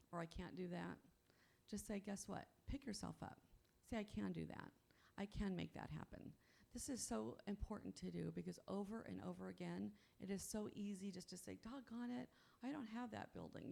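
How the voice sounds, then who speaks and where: Gravelly-voiced woman giving a pep talk. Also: mid-range voice, darkish tone. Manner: upbeat, keeps asking "you know what?". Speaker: conference speaker. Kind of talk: motivational talk to an audience. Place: on stage at a convention.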